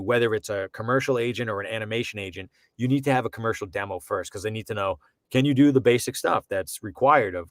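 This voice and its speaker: A man's voice: mid-range voice, dry recording, studio quality. A man from Boston, with a Boston accent that comes and goes, talking bluntly as a voice actor guest on a video call, swearing casually and acting out quotes. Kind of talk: casual interview chat.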